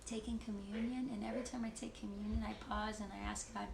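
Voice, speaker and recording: A woman leading worship on a livestream, sharing a personal testimony in a candid, halting way with frequent laughs. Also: a little high, little pitch movement, gravelly, very noisy. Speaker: worship leader. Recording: roomy echo with loud guitar. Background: guitar music.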